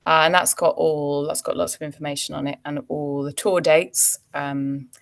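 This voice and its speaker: A woman's voice: low-pitched, flat delivery, normal speed, vocal fry. A woman, an actor chatting as a guest and telling anecdotes with frequent ums and laughs. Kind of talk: casual interview chat.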